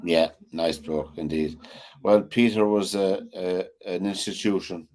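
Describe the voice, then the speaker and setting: A man's voice: low-pitched, fairly even intonation, unhurried, darkish tone. A man co-hosting a sports chat show, talking casually and rambling with lots of "you know". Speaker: co-host.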